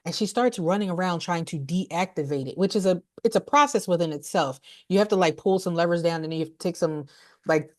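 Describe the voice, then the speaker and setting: A woman co-hosting a podcast, recapping a horror movie in an animated, blunt and laughing way. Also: fairly low pitch. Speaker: podcast co-host, movie reviewer.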